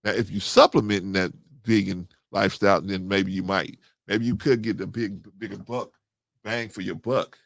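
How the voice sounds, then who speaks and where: Gravelly low-voiced middle-aged man. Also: moderate pace, no room sound. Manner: animated, rising to excited high pitch when agreeing. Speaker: host. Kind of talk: casual livestream talk reading chat.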